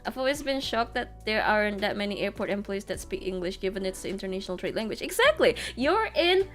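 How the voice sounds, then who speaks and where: A woman's voice: fairly high pitch, big pitch swings, brisk, faint music behind. A young woman streaming as a VTuber, telling a story in casual chat, acting out the people she quotes and laughing often.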